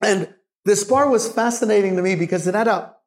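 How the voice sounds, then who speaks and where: Lively high-voiced man telling stories. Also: fairly quick. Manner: animated storyteller, laughs often. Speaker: guest bartender. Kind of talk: live Q&A storytelling. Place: bar venue with audience. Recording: echoey live venue.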